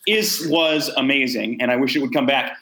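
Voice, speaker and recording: A man's voice: mid-range voice, normal speed, fairly bright tone, roomy sound, low-quality recording. A man joining a casual podcast chat as a guest, speaking with dry, wry humor.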